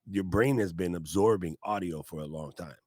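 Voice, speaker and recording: A man, a guest tech expert in a casual video-call interview, explaining with folksy animated talk and laughs. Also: low-pitched, normal speed, dry recording, clean studio sound. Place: home office.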